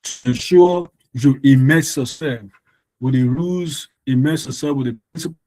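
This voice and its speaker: A man leads an online exam-prep lesson, working through answers on a shared screen. His voice is mellow and dark, and it sounds dry and close on a computer mic. He explains patiently, repeating phrases and restarting sentences with plenty of ums. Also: mid-range voice, moderate pace, no room sound, rough recording. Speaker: exam tutor.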